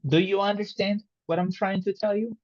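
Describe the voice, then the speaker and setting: A man teaching an online English lesson, explaining slowly and patiently and checking understanding with questions. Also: high voice, steady tone, a little mellow, no echo, muffled recording. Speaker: English tutor.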